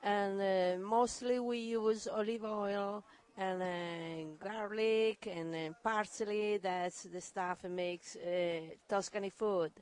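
A woman with an Italian accent, representing a restaurant in a radio interview, speaking haltingly and often searching for words. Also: medium pitch, steady tone, a little mellow.

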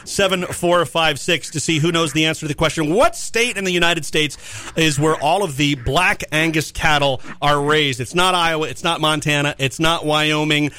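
A man hosting a call-in radio quiz from a studio, joking with callers in quick, upbeat patter. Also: fairly high pitch, bright, forceful tone. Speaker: radio show host.

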